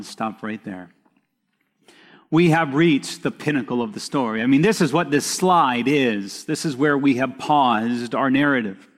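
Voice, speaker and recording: A pastor preaching a sermon, reading scripture aloud and retelling the story with expressive storytelling. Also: male voice, mid-range voice, measured pace, long reverb tail.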